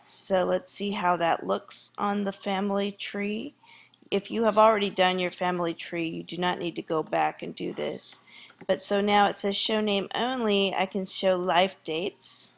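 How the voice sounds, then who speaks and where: A woman's voice: mid-range voice, fairly even intonation, measured pace, creaky. A woman teacher walking through a screen tutorial in a casual way, thinking aloud with fillers.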